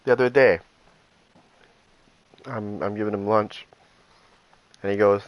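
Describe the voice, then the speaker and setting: A man's voice: fairly low pitch, steady tone, a little slow, highs cut off. A man chatting casually as a gaming streamer, telling amused, rambling anecdotes. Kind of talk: casual storytelling chat.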